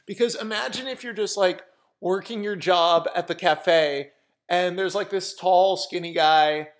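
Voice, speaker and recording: A man's voice: sits high, measured pace. A man casually telling a funny story to camera, rambling with many fillers and often laughing. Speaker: vlogger.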